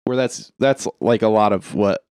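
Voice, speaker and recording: A man's voice: lowish voice, normal speed, darkish tone, clear, resonant tone, no room sound, studio quality. A man co-hosting a casual podcast, retelling a movie plot and acting out the characters in bursts of swearing and laughter. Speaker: podcast co-host. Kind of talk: casual movie recap chat.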